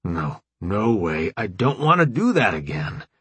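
A man's voice: fairly low pitch, sing-song, unhurried, a bit bright, breathy edge, dry recording, heavily acted. A man doing a grumbling big marine. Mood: protesting. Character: large male marine, squeamish and grumbling.

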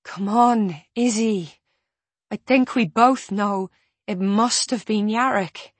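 Woman reading a pushy, exasperated female friend; slightly breathy, mid-pitched. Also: slow pace, no echo. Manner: pressing, exasperated. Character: insistent adult woman friend pressing for answers.

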